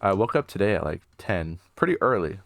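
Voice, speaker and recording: A man's voice: deep voice, sing-song, fairly quick, vocal fry, dry recording. A young man co-hosting a podcast, talking in an easygoing, laid-back casual chat. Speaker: podcast co-host.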